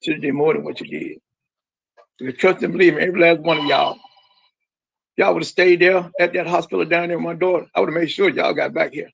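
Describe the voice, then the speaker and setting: A middle-aged man with a high, gravelly, husky voice who hammers home each point through repetition. His audio sounds dull and lo-fi, like a phone line. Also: fairly even intonation, fast, no room sound. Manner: emphatic, repeats himself. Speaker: grieving father, guest.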